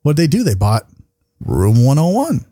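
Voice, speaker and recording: A man in his thirties hosts a casual podcast, his voice tired and a little worn. He rambles and jokes, dropping profanity as he goes, in a mellow, darker tone. The mic is close and dry. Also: on the high side, wildly swooping pitch, moderate pace, dry recording. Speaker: podcast host. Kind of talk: casual chat.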